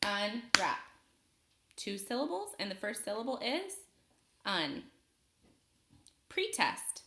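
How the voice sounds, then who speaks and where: A woman teaching a phonics lesson to young children, speaking slowly and clearly and pausing for them to answer. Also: a little high, sing-song, reverberant, heavy background noise. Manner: slow, clear, patient teacher talk with pauses for students.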